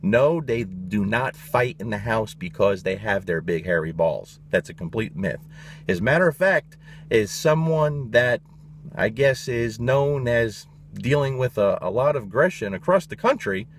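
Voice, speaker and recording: Male dog trainer, lowish voice, blunt and emphatic, swears, casual opinion monologue. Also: lively intonation, unhurried, slight background noise.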